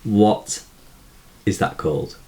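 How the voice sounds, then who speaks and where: A man teaching poetry in a measured way, asking rhetorical questions and reading verse slowly aloud. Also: mellow, a little hiss or hum. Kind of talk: explanatory lesson.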